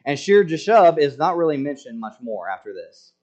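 A man's voice: on the high side, very animated, moderate pace, a little mellow, lo-fi sound. A man preaching a sermon in a conversational, joking way, acting out quoted lines with emphasis. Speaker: pastor.

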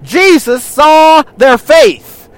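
A man's voice: very high-pitched, very animated, very slow, dry recording. A male pastor preaching a sermon, speaking directly to the congregation and retelling scripture with rhetorical questions.

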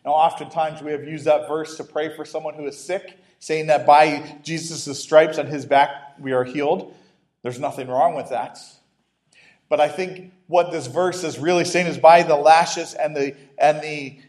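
A man's voice: a little high, a little mellow. A man preaching a sermon as a pastor, conversational, breaking off into humorous asides and restarts.

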